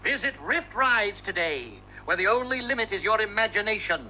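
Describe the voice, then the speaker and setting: A man's voice: high-pitched, big pitch swings, normal speed. A man reading a commercial in a punchy, salesy announcer style. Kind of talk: hyped commercial read. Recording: ad with loud ambient noise behind.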